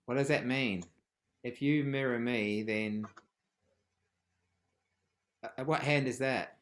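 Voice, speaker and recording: A man teaching a live online rhythm workshop, chanting rhythmic words and dropping from loud calls to whispers. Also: medium pitch, takes it slowly. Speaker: music teacher. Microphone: video call.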